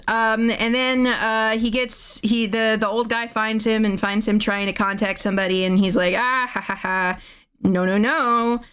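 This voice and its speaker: Smooth-voiced woman rambling a movie recap. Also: mid-range voice. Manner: rambling, laughing at own jokes, frequent restarts, swears casually. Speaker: streamer.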